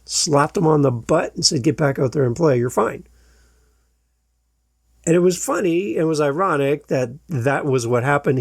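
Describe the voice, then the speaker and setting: A man hosting a podcast, telling a story in an animated way and acting out the quoted shouts. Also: a little high, vocal fry, slightly rough, no room sound, clean studio sound. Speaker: podcast host. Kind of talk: storytelling monologue.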